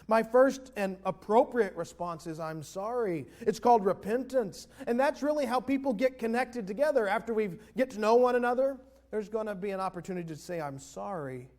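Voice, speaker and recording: High-voiced man preaching a sermon. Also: darkish tone. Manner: conversational, call-and-response with congregation. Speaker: pastor. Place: church sanctuary.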